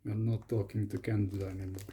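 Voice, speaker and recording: A man's voice: fairly low pitch, little pitch movement, fast talker, warm tone, slight background noise. A young man doing playful, comic commentary while unboxing lock picks, sometimes slipping into a mock Russian persona.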